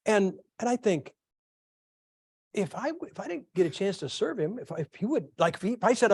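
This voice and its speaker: A middle-aged male pastor preaching a sermon, telling folksy stories with lively asides to his congregation. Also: sits high, moderate pace, husky, dry recording. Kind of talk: sermon with storytelling.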